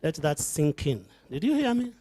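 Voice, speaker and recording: A man's voice: fairly high pitch, sing-song, moderate pace, mellow, husky. A middle-aged man giving an emotional fundraising speech to a live audience in an event hall. He talks like a preacher, calls out to the crowd directly and builds to fervent peaks. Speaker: charity founder addressing donors.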